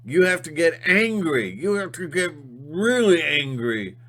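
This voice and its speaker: A man giving a rambling spiritual monologue, halting and restarting often. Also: on the high side, big pitch swings, fairly bright tone. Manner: halting, full of fillers and restarts. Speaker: channel host.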